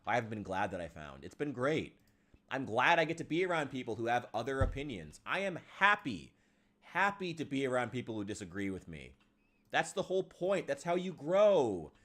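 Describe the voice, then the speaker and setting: Streamer, male, from Illinois: swings his pitch a lot, vents and swears freely over gameplay. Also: big pitch swings, normal speed, fairly bright tone. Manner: frustrated ranting, swears often, sighs. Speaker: game streamer. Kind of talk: casual live-stream chat while gaming.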